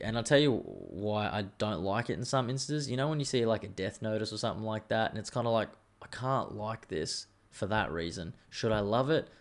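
A man, hosting a casual solo podcast, chatty and rambling, swearing freely. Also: fairly low pitch. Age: 30s. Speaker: podcast host.

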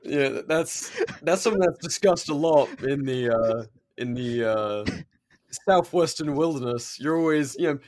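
A man, co-hosting a podcast and answering listener letters in laid-back, deadpan crude banter. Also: fairly high pitch, unhurried, no room sound.

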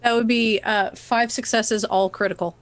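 A woman playing a tabletop game, describing her actions quietly and matter-of-factly. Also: a little high, steady tone, normal speed, slight background noise. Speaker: player.

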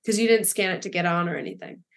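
A young woman co-hosting a podcast, telling a story in casual chat with an animated, laughing, swearing delivery. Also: on the low side, fast. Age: young adult. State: emotional. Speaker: podcast co-host.

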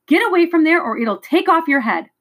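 A woman voicing a stern older female guardian who shouts urgent warnings in a storybook reading. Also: sits high, animated, moderate pace, pitched above the performer's own voice. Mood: alarmed.

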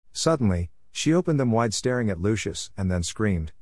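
A man reads a story chapter aloud in an even, measured way. His voice is low, and the sound is dry and close with no room echo. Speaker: narrator. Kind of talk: audiobook-style story narration.

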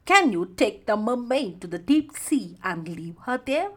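A woman voicing a kind but firm good witch who speaks slowly and sternly. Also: mid-range voice, very animated, slightly rough.

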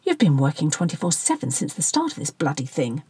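A woman reading the part of a practical, sharp-tongued middle-aged wife with a brisk manner. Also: sits low, sing-song, breathy edge, no room sound, pitched below the performer's own voice, exaggerated voice.

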